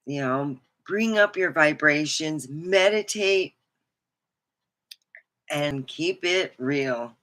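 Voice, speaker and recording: A woman's voice: sits low, lively intonation, extremely slow, long pauses, fairly bright tone. A woman hosting her own livestream, chatting in a rambling, frank way and swearing casually. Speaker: host.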